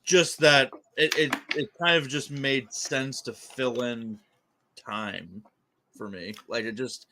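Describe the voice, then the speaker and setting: A man's voice: mid-range voice, fairly even intonation, slow, background noise. A man co-hosting a casual review chat, speaking hesitantly with repeated words and many fillers. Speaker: co-host reviewing an episode.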